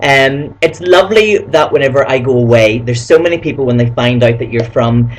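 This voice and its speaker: In a rough recording, a Belfast man with a Northern Irish accent and a mid-range voice talks fairly quickly. He's a vlogger presenting a camp persona, chatting gushingly and telling stories in a casual vlog.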